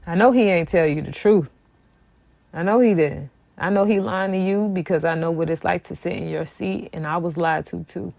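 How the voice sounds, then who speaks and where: A woman's voice: on the low side, normal speed, gravelly, a little mellow, no echo. A woman giving casual commentary on a song, sassy and emphatic, hammering her points by repeating them. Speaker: music commentary vlogger.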